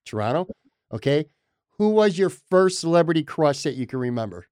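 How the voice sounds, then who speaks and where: A man's voice: on the high side, very animated, darkish tone, smooth, no echo, clean studio sound. Chatty upstate New podcast host guy. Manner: upbeat, chatty, quick rapid-fire questions. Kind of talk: casual sports chat interview. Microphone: remote computer call.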